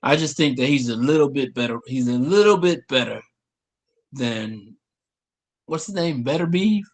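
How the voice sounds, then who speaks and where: A male boxing trainer speaking as a guest over a video call, at an ordinary middle pitch. He answers hesitantly, restarting his sentences and laughing softly between thoughts. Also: lively intonation, normal speed. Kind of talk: casual interview answers.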